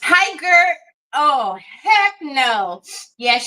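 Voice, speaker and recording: A woman's voice: fairly high pitch, sing-song, slow pace, pushed and bright, low-quality recording. A woman hosting a casual craft livestream, chatting to viewers by name, laughing often and teasing herself. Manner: self-deprecating and giggly.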